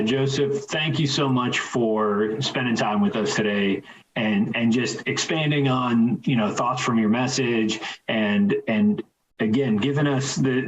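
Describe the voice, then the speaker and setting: A man hosting a podcast interview, relaxed and thoughtful, with many fillers. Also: medium pitch, slight background noise. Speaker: podcast host. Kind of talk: casual conversational interview. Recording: dull, lo-fi sound.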